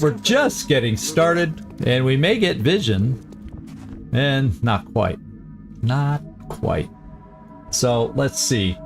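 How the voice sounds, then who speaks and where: A man hosts a strategy game session, thinking aloud about each move and correcting himself as he goes. His voice sits at a middling pitch. Soft game music plays underneath. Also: very animated, slow. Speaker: gaming channel host.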